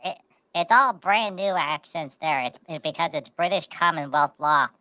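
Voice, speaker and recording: A man's voice: on the high side, normal speed, sharp tone, dry recording, poor audio. A man co-hosting a casual podcast, telling rambling stories and repeating words as he goes. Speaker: podcast co-host. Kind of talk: casual chat.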